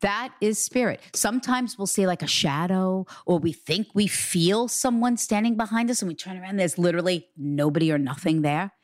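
Woman, psychic medium, earnest reassuring talk, average pitch, dry close sound. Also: normal speed, few pauses, no room sound. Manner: earnest, reassuring, relays quotes in a raised voice. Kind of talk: conversational reading.

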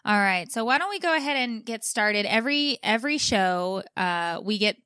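A woman's voice: medium pitch, lively intonation, sharp tone, smooth, dry recording. Woman, podcast co-host, casual chat, playful, dry. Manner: chatty, quick laughs, playful.

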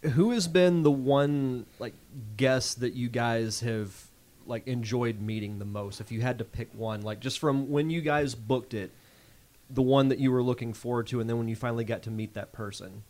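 A male podcast host talks in an easygoing, conversational way while trading stories with his guests. His voice sits at an ordinary middle pitch. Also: steady tone, normal speed, a little mellow. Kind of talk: casual podcast chat.

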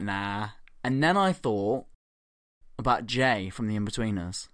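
A man's voice: medium pitch, dry recording, clean studio sound. A man in his thirties chatting casually on a podcast, rambling through stories with plenty of swearing. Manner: rambling, laughing, swearing storyteller. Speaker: podcast co-host. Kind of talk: casual chat.

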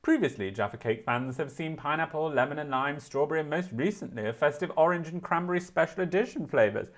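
A man's voice: fairly high pitch, animated, quick pace. A young man co-hosting a podcast, reading news stories aloud in a casual chat with playful, wry asides. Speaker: podcast co-host.

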